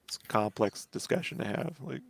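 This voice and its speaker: A man's voice: lowish voice, lively intonation, fairly quick, creaky, slightly rough. A man, a comic artist, chatting casually while he inks, rambling with many fillers and the odd swear. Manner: rambling, lots of "like" and "you know", swears casually. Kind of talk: casual chat while drawing.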